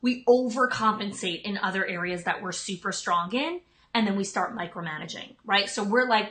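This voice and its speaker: A woman's voice: medium pitch, pushed and bright. A woman in her thirties hosting a live stream, giving leadership tips in a chatty way, full of "like" and "um". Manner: chatty, frequent "like" and "um" fillers. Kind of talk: casual live-stream talk.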